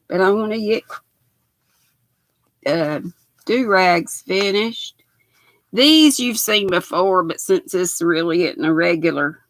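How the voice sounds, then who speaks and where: Raspy Southern grandmother chatting slowly. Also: on the low side, a bit bright, dry recording. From United States. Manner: chatty, folksy, reads viewer comments aloud. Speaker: knitting livestream host. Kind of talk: casual livestream chat. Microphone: built-in laptop mic.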